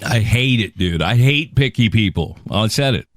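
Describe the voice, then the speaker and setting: Man, lowish voice, animated pitch, blunt, laughs often, dry close mic. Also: normal speed, dry recording. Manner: blunt, laughs a lot, swears casually. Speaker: podcast co-host. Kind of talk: casual podcast chat.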